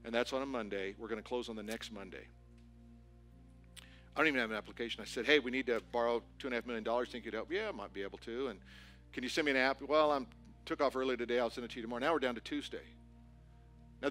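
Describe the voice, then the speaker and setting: A man preaching a sermon as pastor, telling a story with animated, building excitement. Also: mid-range voice. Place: church auditorium.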